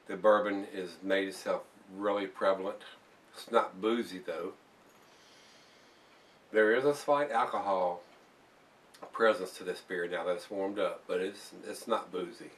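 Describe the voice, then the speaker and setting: A man's voice: low-pitched, steady tone, measured pace, long pauses, recorded from a distance. A man casually reviewing a beer for viewers, rambling and repeating words as he talks.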